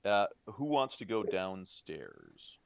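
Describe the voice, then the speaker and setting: A man running a tabletop game as dungeon master, relaxed and jokey, trailing off with fillers. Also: sits low, slow, muffled recording.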